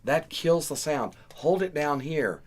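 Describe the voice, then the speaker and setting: A man with a Southern US accent hosting a casual podcast chat, animated and joking as he explains things. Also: a little high, unhurried. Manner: animated, joking, acts out stories. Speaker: podcast host and karaoke KJ.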